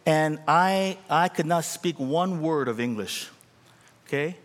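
Young male pastor from Korea, animated storytelling sermon, fairly high voice, big hall reverb. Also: slow. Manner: animated, calls out to the congregation.

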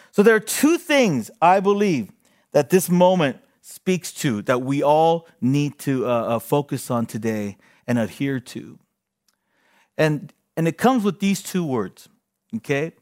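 A male pastor preaching with a high, lively voice that swings widely up and down. He talks in an unhurried, deliberate way, repeating phrases for emphasis and calling out to his congregation. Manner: animated preaching with repeated phrases and call-and-response. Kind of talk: sermon.

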